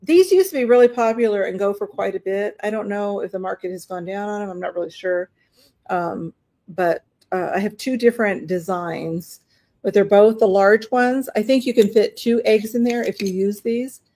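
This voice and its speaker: A woman's voice: mid-range voice, moderate pace. Chatty woman selling items on a live stream. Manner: chatty, rambling, warm toward bidders, many fillers. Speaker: live online auction seller.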